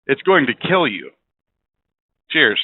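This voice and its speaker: Medium-pitched and sing-song, a podcast host speaks slowly as he drives, rambling through a casual monologue with blunt opinions and plenty of profanity. The recording has a tinny, phone-like quality.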